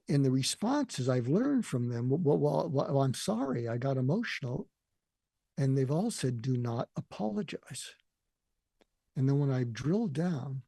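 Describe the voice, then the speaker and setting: Recorded dry and close, this older male guest recounts something deeply personal, earnest and emotional, frequently repeating what others said. His voice is husky and gravelly, with a mellow, dark tone.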